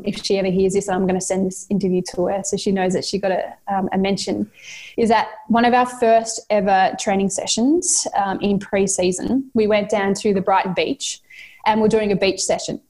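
An Australian woman coach talks through her answers with sincere, motivational conviction. She circles back and repeats words as she gathers her thoughts. Her voice sits at an ordinary middle pitch. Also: a little mellow. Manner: heartfelt, motivational, repeats herself while thinking. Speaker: football coach, guest. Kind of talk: earnest interview answers.

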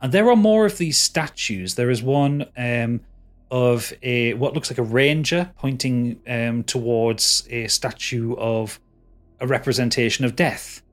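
Casting: a male game master describing scenes, hesitant and filler-heavy, with mid-range pitch. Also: measured pace, soft background music. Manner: hesitant, full of fillers and restarts. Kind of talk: narrating a tabletop game.

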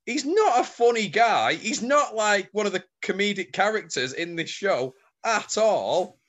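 A man's voice: high voice, expressive, a little slow, fairly bright tone. A man co-hosting a casual chat show, dropping dry, wry comments. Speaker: podcast co-host.

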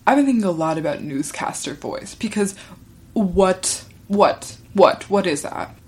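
A woman musing aloud on her own show, chatty and rambling and full of "like" fillers. Her voice sits a bit low for a woman. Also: animated, a little slow. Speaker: podcast host. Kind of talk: casual solo monologue.

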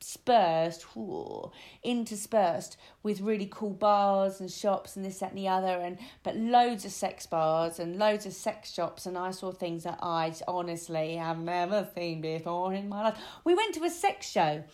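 A woman chatting on a podcast, telling lively stories in an animated way. She slips into little voices for the people in her tales, and her tone swings with the anecdote. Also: lowish voice, a little slow, few pauses. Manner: animated storyteller, acts out voices. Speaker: podcast co-host. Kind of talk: casual chat.

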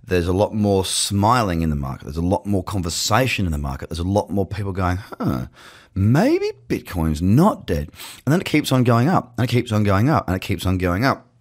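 A man's voice: deep voice, expressive, fast talker. A man hosting a crypto show, talking casually and chattily to camera from his office, with jokey asides. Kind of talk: casual market commentary to camera. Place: home office with screens. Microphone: webcam setup.

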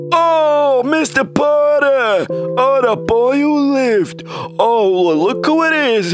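A man playing a crude, boastful villain who shouts and gloats in quick rants. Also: extremely high pitch, voice pushed up, exaggerated voice.

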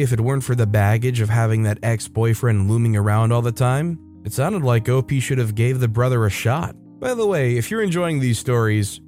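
A man narrating online stories in a steady, matter-of-fact scripted reading. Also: mid-range voice. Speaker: story narrator. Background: soft background music.

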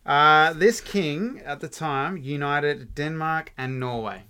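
A man hosting a podcast, telling relaxed anecdotes in a casual way. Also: fairly high pitch, takes it slowly, clear, resonant tone. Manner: relaxed anecdotal storyteller, laughs easily. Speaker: podcast host. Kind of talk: casual storytelling.

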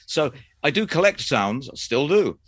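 A man in his eighties, a former announcer, chatting about his past in a measured, hesitant way with frequent fillers. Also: fairly high pitch, sing-song, a bit bright, slightly rough, no room sound, clean studio sound. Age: 80s. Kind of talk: relaxed anecdotal chat.

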